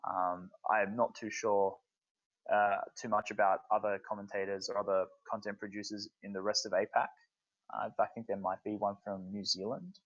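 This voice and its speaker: An Australian man co-hosting a podcast, thinking aloud in a halting way during a casual discussion. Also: on the low side, little pitch movement, fairly bright tone. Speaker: podcast co-host. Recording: dull lo-fi podcast mic.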